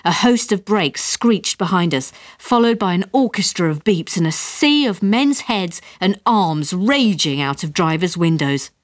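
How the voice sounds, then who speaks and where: A woman's voice: lowish voice, lively intonation, a little slow, few pauses, dry recording. Wry woman narrating a story. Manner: wry, dry comic storytelling.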